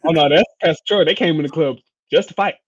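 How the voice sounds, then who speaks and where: Fast slangy guy on a podcast, kinda high voice, muffled lo-fi mic. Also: a little hiss or hum. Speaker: podcast co-host. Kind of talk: casual chat.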